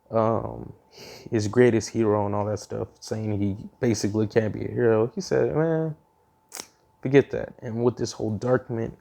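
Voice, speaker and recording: A man's voice: on the low side, creaky, warm tone. A man casually retelling his own fan story, rambling with frequent ums and restarts.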